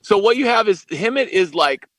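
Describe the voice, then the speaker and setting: A man hosting a casual group call, joking in a laid-back, drawn-out way. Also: sits high, expressive, fairly bright tone, no echo.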